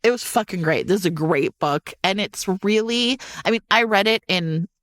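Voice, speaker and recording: A woman's voice: medium pitch, moderate pace, a bit bright, no room sound, studio quality. A woman co-hosting a podcast, animatedly retelling a book in casual chat, full of restarts, asides and casual swearing. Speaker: podcast co-host.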